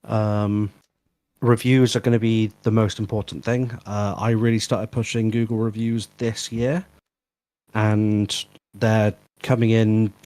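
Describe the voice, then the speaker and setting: A man with a fairly low voice talks casually on a live stream and gives practical advice. He fills pauses with ums. The mic sounds dry and close. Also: level tone, a little mellow, no room sound. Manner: chatty, practical advice with fillers. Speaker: guest and fellow tradesman.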